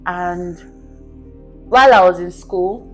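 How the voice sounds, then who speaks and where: Earnest woman in a relaxed interview. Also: lowish voice, slow pace, faint music behind. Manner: earnest, keeps checking in with "do you understand?". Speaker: podcast guest. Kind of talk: casual interview storytelling.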